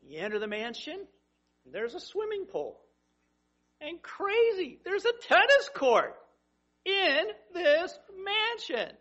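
A man preaching a sermon, telling vivid stories that swing between hushed and emphatic. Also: high-pitched, breathy edge, highs cut off. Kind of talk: sermon, Bible teaching.

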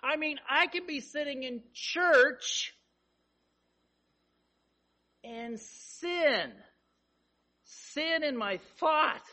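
A man delivers a sermon in a bright, high voice. He speaks slowly and deliberately, and his pitch swings widely as he drives points home with repeated phrases. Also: lively intonation. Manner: emphatic, repeating phrases with rising intensity. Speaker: preacher.

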